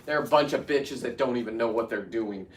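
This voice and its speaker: A man's voice: mid-range voice, a little fast, roomy sound, recorded from a distance, slight background noise. A man in his fifties talking casually to camera while he works, rambling with many restarts and getting worked up as he goes. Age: 50s. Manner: rambling, restarts, heats up into ranting. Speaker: vlogger.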